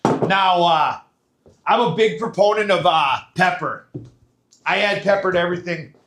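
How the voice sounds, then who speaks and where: Give me a chatty man walking through a recipe in his kitchen, fairly high voice, echo off the walls. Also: a little slow, a bit bright. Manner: chatty, folksy, lots of fillers. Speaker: home cooking show host. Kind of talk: casual step-by-step cooking demo. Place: home kitchen.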